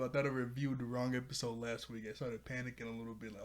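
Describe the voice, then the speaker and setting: A man's voice: medium pitch, flat delivery, quick pace, few pauses. Guy doing a casual cartoon episode review, rambly and chatty, laughs a lot.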